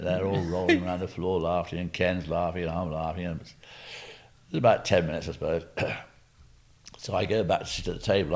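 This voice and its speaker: An older Englishman with a very low voice spins a long, humorous anecdote for an interviewer. He rambles, doubles back and drops asides and the odd cough as he goes. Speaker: guest. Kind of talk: anecdotal storytelling.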